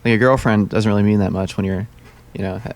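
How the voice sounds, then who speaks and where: Male podcast co-host, quick and low-voiced, rambling jokey banter. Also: fairly even intonation, a little mellow. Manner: rapid rambling banter, joking, many fillers. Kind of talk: casual chat.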